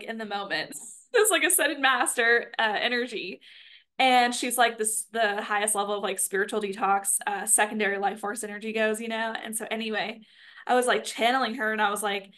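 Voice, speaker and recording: A woman's voice: on the high side, fairly bright tone. Chatty woman telling a story. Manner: chatty, filler-heavy, with frequent "like". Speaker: spiritual content creator. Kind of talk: casual storytelling monologue.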